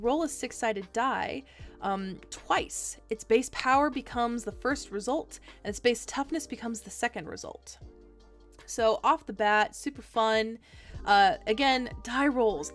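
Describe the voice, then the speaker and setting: Young female streamer, casual and bubbly, gushes and giggles through fillers, soft music bed. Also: a little high. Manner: gushing and giggly, rambling with fillers. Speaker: streamer reviewing trading cards. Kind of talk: casual chat.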